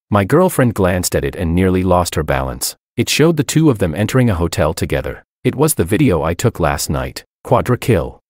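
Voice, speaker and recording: A man's voice: sits low, a little mellow, no room sound, clean studio sound. A man reading a first-person drama story aloud, with wry, theatrical timing and a sly edge. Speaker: story narrator.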